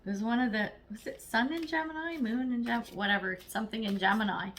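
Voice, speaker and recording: A woman does a casual, chatty tarot reading, blunt yet encouraging, acting out little quoted voices along the way. Her voice is on the high side and a bit bright, she speaks fast, and there's slight background noise.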